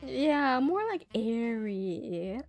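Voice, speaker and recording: Giggly woman streamer with lively pitch. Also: drawn-out words, creaky, faint music behind. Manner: chatty, giggly, lots of fillers. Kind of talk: casual chat with viewers.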